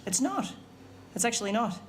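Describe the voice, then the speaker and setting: A performer voicing a male felt puppet stand-up comedian with an Australian accent, telling a swearing, deadpan story on a live stage. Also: medium pitch, normal speed, natural voice. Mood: wry. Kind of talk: stand-up routine. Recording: echoey stage with audience noise.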